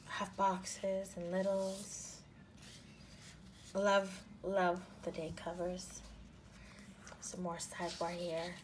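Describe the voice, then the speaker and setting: A woman showing planner stickers in a casual haul, gushing and often dropping into soft half-whispers. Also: lowish voice, monotone, extremely slow, pauses often, a little hiss or hum. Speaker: planner sticker shop owner and vlogger. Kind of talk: casual haul show-and-tell.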